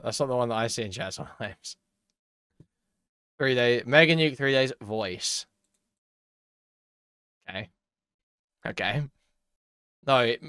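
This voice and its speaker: A man's voice: medium pitch, a bit bright, clean tone, no echo, clean studio sound. A man streaming live, giving casual commentary in a rambling, profane way while reading chat aloud.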